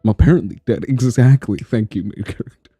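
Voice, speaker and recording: A man's voice: mid-range voice, a little fast, warm tone, breathy edge, no echo, soft background music. A man streaming a story game, reading its text aloud and commenting with swearing and laughter.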